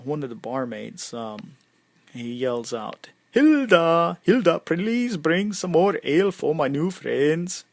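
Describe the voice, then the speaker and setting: A man narrating a tabletop game as game master, halting and full of ums and uhs. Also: mid-range voice, creaky, no room sound.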